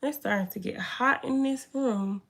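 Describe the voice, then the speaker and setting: A young woman hosts a casual live stream from a room indoors. She greets viewers by name and chats with them in an animated way. Her voice is bright and crisp. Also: fairly high pitch, normal speed. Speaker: livestreamer.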